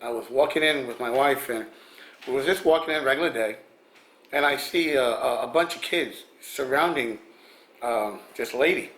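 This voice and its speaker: A man's voice: mid-range voice, normal speed, fairly bright tone. A man vlogger casually telling celebrity encounter stories, rambling with many restarts and little chuckles. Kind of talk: casual storytelling. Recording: echoey room.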